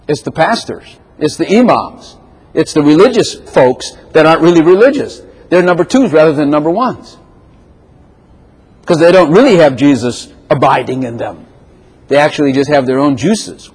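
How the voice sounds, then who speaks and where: A husky older man delivers an animated sermon, his pitch leaping high and dropping low as he quotes scripture. His slightly raised voice rings out into a long hall reverb. He sounds like a pastor preaching from the pulpit. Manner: animated preaching, quoting scripture with sudden swings in pitch and volume.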